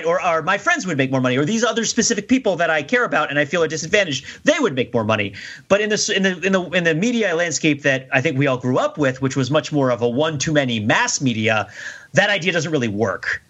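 A man's voice: on the high side, a bit bright. A man co-hosting a podcast, rambling in casual discussion with frequent restarts and laughs. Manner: rambling, self-interrupting, laughs often. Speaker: podcast co-host. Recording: dull lo-fi sound.

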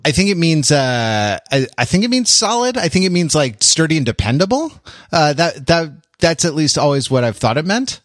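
A man's voice: a little high, big pitch swings, moderate pace, no echo. Guy hosting a podcast, rambly, lots of uh and um, dry close sound. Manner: rambling, many fillers and restarts. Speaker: podcast host. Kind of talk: casual chat.

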